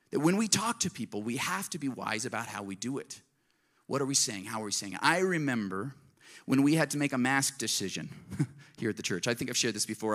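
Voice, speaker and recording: A man preaching a sermon as pastor, in a lively, conversational way, acting out little scenes and dropping to soft asides. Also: medium pitch.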